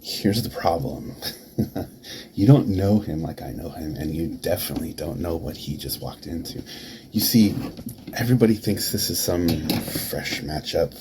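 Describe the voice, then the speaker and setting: A man cutting a taunting wrestling promo, dropping to hushed whispers and then rising to shouts. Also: low voice, expressive, measured pace, noisy background. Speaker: promo performer.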